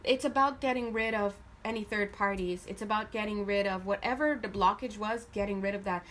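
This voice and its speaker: A woman giving a casual tarot reading to her viewers. She is chatty and animated, often laughing as she goes. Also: mid-range voice, fairly quick, slight background noise. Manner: addresses viewers directly. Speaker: tarot reader.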